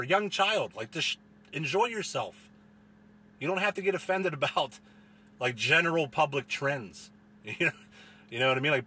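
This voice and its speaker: Profane rambling young man, husky. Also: bright, forceful tone. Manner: profane, rambling, lots of fillers; mocks others in a whiny falsetto. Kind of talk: casual ranting monologue.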